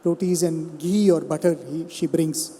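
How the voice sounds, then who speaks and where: A man gives a devotional storytelling talk, often turning to his listeners with questions. His voice is high and very mellow. A long hall reverb trails each phrase. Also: fairly even intonation, normal speed. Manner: storytelling, asks the audience questions. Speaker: spiritual speaker. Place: satsang hall.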